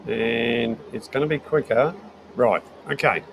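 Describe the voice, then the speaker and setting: A man's voice: medium pitch, measured pace, vocal fry, background noise. A middle-aged Australian man casually chatting to viewers on a live stream from his shed, rambling and easygoing while he fiddles with his setup. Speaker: livestream host. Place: home shed.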